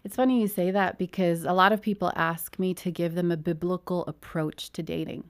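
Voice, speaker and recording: Low-voiced woman counselor guest. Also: fairly even intonation, fairly quick. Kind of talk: conversational interview.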